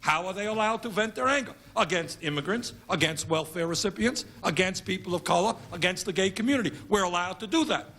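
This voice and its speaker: Man, congressman, conference speech: gravelly, emphatic and rhetorical, leans on repeated phrases. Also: sits high, quick pace, hardly any pauses, sharp tone.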